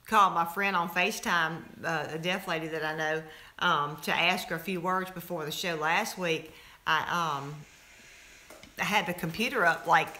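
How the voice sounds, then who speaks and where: A woman's voice: on the low side, steady tone, normal speed, pushed and bright. A woman co-hosting a casual live stream, earnest and patient as she explains things. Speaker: podcast co-host.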